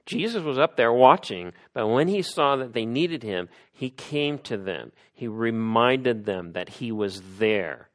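A man's voice: medium pitch, lively intonation, a little slow, few pauses. A man preaching a sermon, talking it through with rhetorical questions to the congregation. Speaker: pastor.

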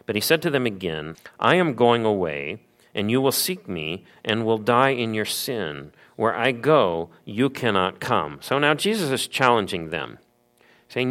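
A man's voice: on the low side, very animated, measured pace, fairly bright tone. A man preaching an expository sermon, explaining the passage with rhetorical questions. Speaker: pastor.

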